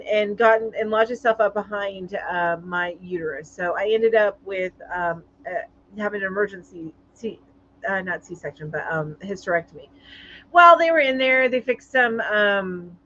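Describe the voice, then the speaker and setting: A woman hosting a casual live-stream chat, reading viewer comments aloud in a chatty, sympathetic way, halting with many ums. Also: medium pitch, sharp tone, highs cut off, a little hiss or hum. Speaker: live show host.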